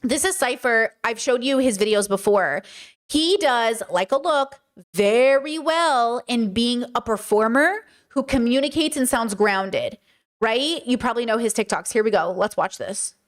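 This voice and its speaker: A woman's voice: fairly high pitch, measured pace. Emphatic woman streamer chatting. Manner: animated, emphatic, repeats her points. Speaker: streamer and podcast host. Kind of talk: casual commentary chat.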